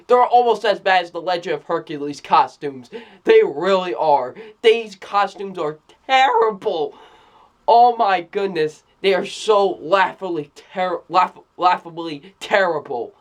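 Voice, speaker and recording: Casual film review, slow unhurried pace, middle pitch, excitable, repeats exclamations, restarts sentences. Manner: excitable, keeps exclaiming "oh my goodness" and breaking into laughter. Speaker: movie reviewer.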